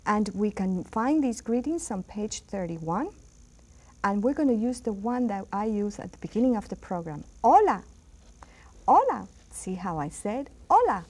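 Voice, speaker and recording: A patient woman teacher in middle age leads a school TV language lesson. She repeats each word slowly and stresses it clearly, like someone drilling a class. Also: mid-range voice, dark tone.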